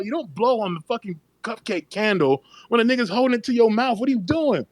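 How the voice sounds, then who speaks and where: A man's voice: very high voice, quick pace, hardly any pauses, no room sound. A man in a casual group chat who tells stories animatedly, swears freely and keeps breaking into laughter. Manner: laughing storyteller, profane and animated. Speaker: call-in discussion participant.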